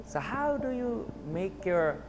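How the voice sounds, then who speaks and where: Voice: medium pitch, sing-song, slow. A vocal coach giving direct feedback to a trainee, repeating phrases for emphasis. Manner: repeats phrases, demonstrates notes. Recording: music playing behind.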